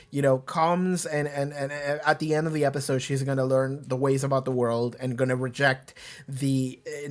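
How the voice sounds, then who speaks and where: A man hosting a reaction video, talking casually and animatedly, rambling with frequent restarts and swearing. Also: mid-range voice.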